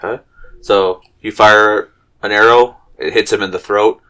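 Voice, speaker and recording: A man's voice: on the low side, fairly even intonation, unhurried, pushed and bright, clear, resonant tone. A man narrating as dungeon master in a casual, profane tabletop session. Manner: laid-back, profane storytelling.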